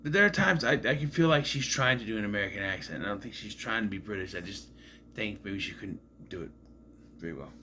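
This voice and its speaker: A man's voice: lowish voice, lively intonation, fast talker, sharp tone, slight background noise. A man casually recapping a movie in a rambling, musing way, often admitting he is unsure. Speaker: movie reviewer.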